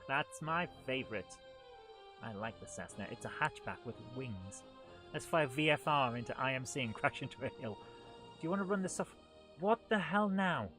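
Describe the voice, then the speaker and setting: A man's voice: mid-range voice, a bit bright. A man hosting a live gameplay stream, talking in an exasperated, grumbling way as things go wrong.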